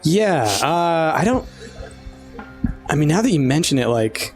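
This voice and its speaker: A man running a tabletop game and talking in character, halting and full of fillers. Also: a little high, very animated, soft background music. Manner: hesitant, filler-heavy, halting speech. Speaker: game master. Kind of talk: tabletop role-play.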